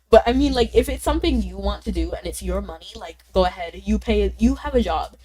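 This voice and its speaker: Her tone is dark and her intonation lively as she speaks fast at a medium pitch, chatting with her stream audience and reading out their comments. Because she's ill, her voice sounds slightly off, and she wanders along with lots of "like" and small laughs.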